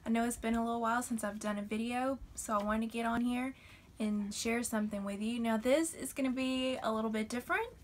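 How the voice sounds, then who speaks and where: A woman's voice: on the high side, brisk, a little hiss or hum. A young woman from Alabama with a Southern accent, talking in a chatty, folksy way as she explains sayings in a casual vlog. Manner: chatty, folksy, uses y'all and fixing to. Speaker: vlogger.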